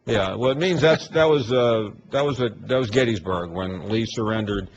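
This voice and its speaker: A man hosting a sports talk radio show, firing quick, needling questions with lots of fillers. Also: fairly low pitch, highs cut off, slight background noise. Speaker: radio host.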